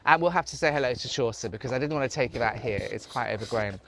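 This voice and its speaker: Man, lifestyle vlogger, casual chat to camera, effusive, chatty, mid-pitched voice. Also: animated, quick pace, heavy background noise. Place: kitchen of an old house.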